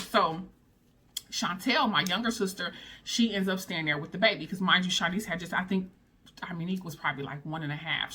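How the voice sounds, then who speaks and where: Animated woman telling a storytime. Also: medium pitch. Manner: animated, dramatic retelling with slang. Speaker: vlogger. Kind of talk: casual storytime.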